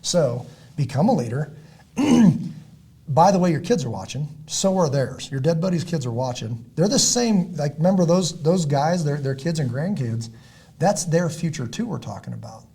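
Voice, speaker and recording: A middle-aged man, a former Navy SEAL hosting a podcast, talking in an emphatic, preachy and motivational way that rises to loud peaks and drops low, often clearing his throat. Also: lively intonation, moderate pace.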